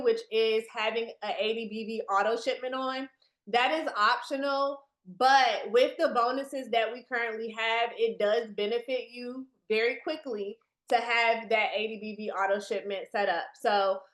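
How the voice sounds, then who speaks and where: A woman's voice: a little high, steady tone, normal speed, fairly bright tone, echoey room. A woman leading a business training presentation on a video call for new team members, chatty and speaking straight to her listeners. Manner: chatty, addresses the audience directly.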